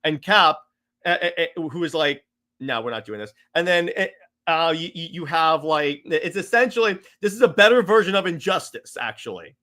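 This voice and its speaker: Guy on a podcast rambling fast about comics, stumbles over words, kinda high voice, dry mic. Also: no room sound. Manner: excited retelling, stammers and restarts, acts out quotes. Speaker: podcast co-host. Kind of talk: casual comics chat.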